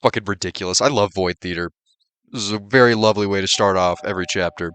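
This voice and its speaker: A man's voice: low voice, fast talker, a bit bright, clean tone. A man giving casual, profane, joking let's play commentary.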